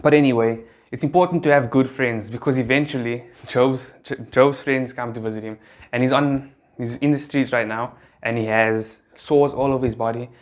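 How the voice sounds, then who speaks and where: A young man from South Africa speaks straight to camera in a relaxed, conversational way, as if explaining the story to friends. His voice sits at an ordinary middle pitch, and the talk is loose and full of casual fillers. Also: normal speed. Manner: laid-back and chatty, full of slang and fillers. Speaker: youth group speaker.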